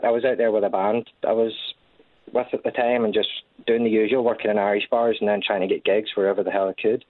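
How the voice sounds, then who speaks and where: A man's voice: lowish voice, level tone. Scottish man on a tinny call. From Scotland. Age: 30s. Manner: halting, with many restarts and repeated words. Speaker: guest. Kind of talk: casual conversational interview. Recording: tinny phone-like line.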